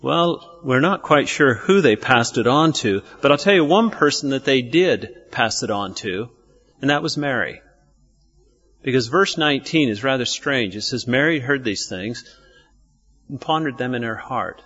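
A man's voice: medium pitch, animated, measured pace, a bit bright, highs cut off, soft background music. A man preaching a sermon, asking his listeners questions and answering them himself. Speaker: pastor.

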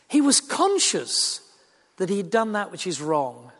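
A man's voice: high voice, huge pitch swings, measured pace, a bit bright. A middle-aged man with a Yorkshire accent preaching a sermon in a church, earnest and conversational with wry asides. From Yorkshire, England. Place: church or large hall. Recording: long reverb of a large hall.

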